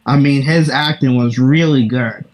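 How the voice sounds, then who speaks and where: A man's voice: medium pitch, fairly even intonation, moderate pace. A man as a guest on a casual podcast, laid-back and enthusiastic, swearing now and then.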